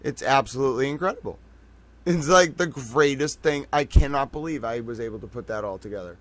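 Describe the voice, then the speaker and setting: A man hosting a late-night livestream, tired from a long day, talking in an excitable, rambling, profane way to his viewers. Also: medium pitch, a little fast. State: tired from being up all day. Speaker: livestream host.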